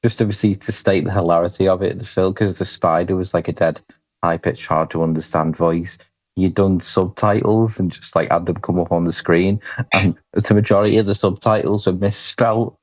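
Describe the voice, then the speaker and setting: A man co-hosting a podcast, casually retelling film scenes in a deadpan way with the odd chuckle. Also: low-pitched, normal speed, dry recording. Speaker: podcast co-host. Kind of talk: casual chat about films. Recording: dry, slightly dull lo-fi mic.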